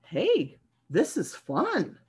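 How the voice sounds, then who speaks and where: A woman voicing a fussy, whiny male pigeon from a picture book, in a high sing-song complaining voice. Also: wildly swooping pitch, very slow, darkish tone, slight background noise, full character voice. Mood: delighted. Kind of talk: children's picture-book read-aloud.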